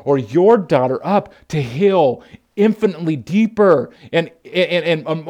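A man's voice: fairly high pitch, a little mellow. A male pastor preaching a sermon in an earnest, emphatic manner, often calling his listeners "folks".

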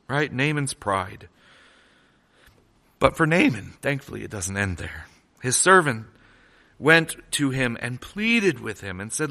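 Bright-voiced man preaching a sermon. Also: mid-range voice, slow pace, vocal fry, long pauses. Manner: animated storytelling, conversational with restarts. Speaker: pastor.

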